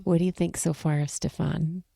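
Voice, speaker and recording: A woman's voice: low-pitched, steady tone, normal speed, gravelly, dark tone, dry recording. A woman hosting a book podcast, reading aloud and chatting casually with her guest, careful not to give away spoilers. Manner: chatty, stops herself from giving spoilers. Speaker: podcast host.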